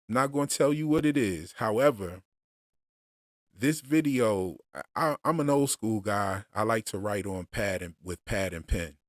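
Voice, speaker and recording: A man with a very low voice talks slowly and casually to his livestream audience. He stops often for fillers and restarts his sentences. His voice sits close and dry on the microphone. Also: no room sound. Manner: relaxed, unhurried, with many fillers and restarts. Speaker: streamer discussing show theories.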